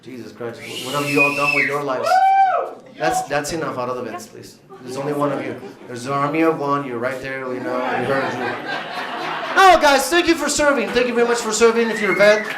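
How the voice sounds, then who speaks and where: A man's voice: mid-range voice, brisk, heavy background noise. A man doing brash, profane stand-up comedy, teasing the audience in a large comedy club. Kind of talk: stand-up comedy with crowd work. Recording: echoey club with loud crowd laughter.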